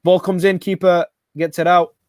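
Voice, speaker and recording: A man hosting a live football watch-along, excitable and shouting at every chance. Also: high voice, moderate pace, no echo, studio quality.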